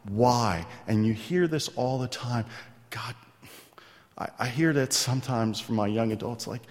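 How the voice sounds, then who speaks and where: A man preaching a sermon, slow and deliberate, his voice dropping to near whispers and then rising to loud emphasis. His words ring out with a long reverb, as in a large hall. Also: medium pitch. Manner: preaching with dramatic swings between soft asides and loud emphasis. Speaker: pastor.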